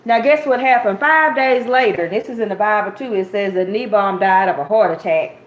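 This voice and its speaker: Talking fairly quickly in a mid-range voice, a woman retells a Bible story in an informal, conversational sermon. She addresses the room as "y'all" and voices the quotes dramatically. The recording sounds muffled and roomy, with a faint hiss.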